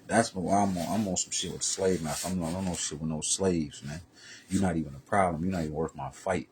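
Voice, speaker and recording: A man vlogging a profane, heated street-talk rant that swings from low muttering to loud raised bursts. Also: steady tone, quick pace, a little hiss or hum.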